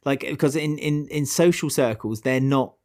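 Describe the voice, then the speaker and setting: A man with a Welsh accent, co-hosting a podcast in casual chat, animated and full of restarts. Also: moderate pace. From Wales. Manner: animated, chatty, with many restarts and sudden pitch jumps. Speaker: podcast co-host.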